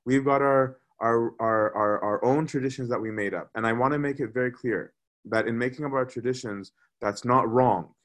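A man's voice: mid-range voice, normal speed. Man preaching a conversational sermon. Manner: conversational, repeats words while thinking.

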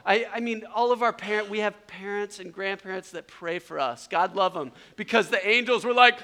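A middle-aged man speaking at a retreat, telling an animated story in a sermon and acting out the voices of the people in it. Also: high voice, moderate pace.

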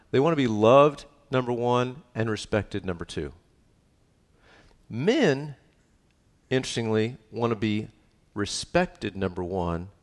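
Deep-voiced man preaching in a reverberant hall. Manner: lively, conversational preaching with frequent "right?" asides. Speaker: pastor. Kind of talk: sermon.

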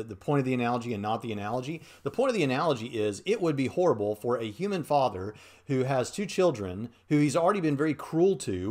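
A man hosting casual commentary on a clip he has just played. He argues earnestly and thinks aloud in a steady mid-range voice. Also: medium pitch. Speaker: host.

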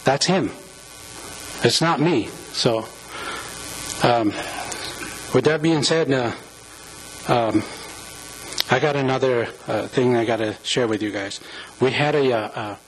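A man giving an informal sermon in a church, speaking earnestly and emotionally, close to tears, with many halting restarts and fillers. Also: medium pitch, rough recording. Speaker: church member preaching. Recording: mains hum under the voice.

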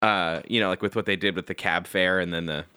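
A man hosting a casual podcast, recapping a cartoon episode in an animated, self-mocking way. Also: low voice, a little fast, smooth, no room sound, clean studio sound. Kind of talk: casual chat.

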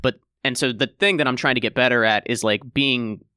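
A man's voice: medium pitch, brisk, bright, forceful tone, clear, resonant tone, no room sound, clean studio sound. A young man, a stand-up comedian, chatting casually and frankly, self-deprecating and swearing. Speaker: stand-up comedian, podcast co-host. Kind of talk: casual chat.

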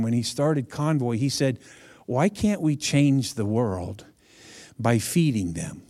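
A man's voice: mid-range voice, darkish tone. A man preaching a casual, conversational sermon, chatty and humorous, speaking directly to his audience.

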